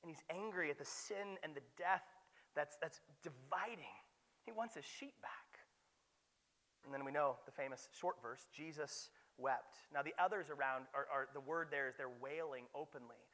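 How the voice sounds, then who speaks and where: A young man preaching a sermon as pastor, conversational with joking asides and forceful emphasis. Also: on the high side, normal speed. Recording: long hall reverb.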